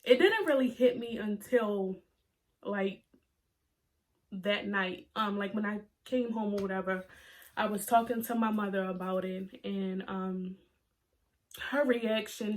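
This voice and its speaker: Young female vlogger in her twenties, mid-pitched, confessional and tearful, full of fillers. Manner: emotional, holding back tears; halting, many fillers and restarts. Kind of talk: personal story to camera.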